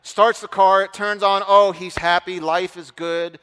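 A middle-aged man preaching, telling a story in an animated way and acting out the other voices. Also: high-pitched, unhurried, smooth. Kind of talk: storytelling sermon. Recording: long hall reverb.

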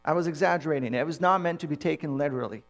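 A man preaching a sermon, telling personal stories in an animated way and acting out the dialogue. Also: fairly high pitch, very fast, creaky. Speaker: pastor.

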